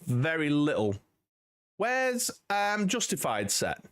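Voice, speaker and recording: A man's voice: fairly high pitch, wildly swooping pitch, slow, fairly bright tone. A man in his forties hosting a casual livestream from home, chatting with viewers in a rambling, friendly way. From United Kingdom. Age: 40s. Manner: rambling and friendly, many "you know"s. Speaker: livestream host.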